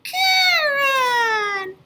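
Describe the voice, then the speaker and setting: A woman voicing an excitable little boy puppet in a squealing, cracking high voice. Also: drawn-out words, very noisy, heavily acted. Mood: eager.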